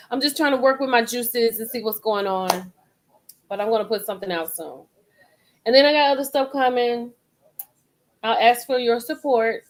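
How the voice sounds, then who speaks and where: A woman's voice: mid-range voice, poor audio. A middle-aged woman hosting a live stream, rambling in casual chat and repeating herself as she talks straight to her viewers.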